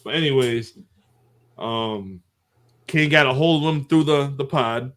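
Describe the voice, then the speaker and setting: A man of ordinary pitch hosts a casual podcast, walking his co-hosts through an old wrestling match. His recap rambles from one detail to the next. He chuckles as he goes. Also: unhurried, a bit bright. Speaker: podcast host.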